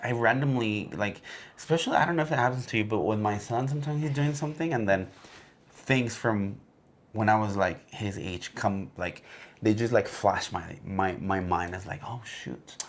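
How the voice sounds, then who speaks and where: A man's voice: lowish voice, moderate pace. A man and podcast co-host telling a casual anecdote, rambling with lots of fillers. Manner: rambling storyteller with many fillers.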